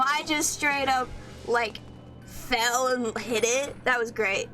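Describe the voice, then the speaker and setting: Slow, rambling young woman streamer. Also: a little high. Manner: rambling, playful, with a sing-song lilt. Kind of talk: casual chat while gaming. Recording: loud game music behind.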